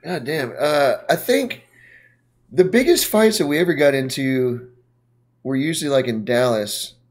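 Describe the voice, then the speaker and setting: A man chatting casually on a podcast, rambling with lots of fillers and swearing, often trailing off quietly. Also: medium pitch, expressive, measured pace. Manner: rambling, profane, trailing off into mumbles. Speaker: podcast co-host, punk singer. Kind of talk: casual chat.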